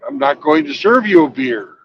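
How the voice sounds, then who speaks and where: A man's voice: fairly high pitch, sing-song, moderate pace, lo-fi sound, a little hiss or hum. A man putting on the voice of a male bartender who firmly refuses service, as part of a joke. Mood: refusing.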